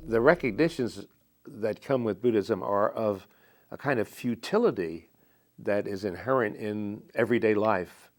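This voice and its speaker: An older American poet reading his poems aloud and reflecting on them between readings, in a slow, measured way with thoughtful pauses. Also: fairly low pitch. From United States. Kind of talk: poetry reading and reflective talk. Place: TV studio.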